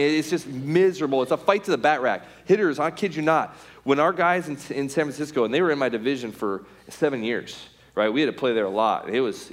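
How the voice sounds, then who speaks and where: A middle-aged man tells a story from his playing days as a testimony to a crowd. His mid-pitched voice rises and drops as he acts out what people said, with lots of "like" and "right?" in between. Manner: animated, acts out scenes in quoted voices, many "like" and "right?". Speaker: former pro baseball pitcher giving a testimony.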